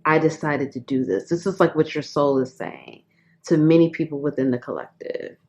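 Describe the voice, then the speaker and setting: A woman giving a channeled tarot reading in an earnest, emotional way, often dropping to soft whispers. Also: low-pitched, normal speed, muffled recording. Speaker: tarot reader.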